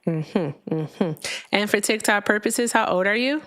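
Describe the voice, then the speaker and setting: A woman's voice: medium pitch, expressive, a little slow, fairly bright tone. A woman hosting a live call-in stream, talking casually with a sarcastic, chatty manner and lots of fillers. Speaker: livestream host.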